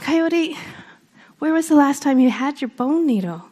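A woman voicing a helpful, caring male owl in a told story, asking gentle, concerned questions. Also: sits high, lively intonation, measured pace, voice pushed up.

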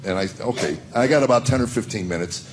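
A man's voice: mid-range voice, fast talker, a little hiss or hum. A man from rural Tennessee, telling folksy stand-up stories and acting out voices. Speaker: stand-up comedian. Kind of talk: stand-up storytelling.

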